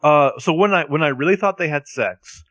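A man's voice: a little high, brisk, fairly bright tone, no echo. A man co-hosting a casual chat about a TV show, making wry, joking asides. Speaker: podcast co-host.

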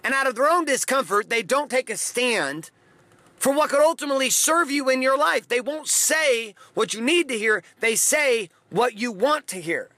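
Man, high voice, bright and forceful, blunt motivational talk, dry close sound. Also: lively intonation, normal speed, dry recording. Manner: forceful, blunt and emphatic, with repeated phrases. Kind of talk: motivational monologue.

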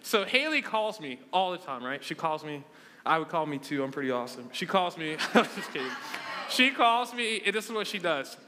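Young male preacher, twenties, high bright voice, playful self-mocking storyteller, large reverberant hall. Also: big pitch swings, a little fast, slight background noise. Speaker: youth preacher. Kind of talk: humorous sermon to a live congregation.

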